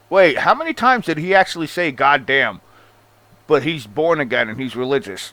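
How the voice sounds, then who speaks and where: A man with a medium-pitched, fairly bright voice rants casually as a wrestling show host, sarcastic and swearing constantly while calling the listener "bro." The recording is dry.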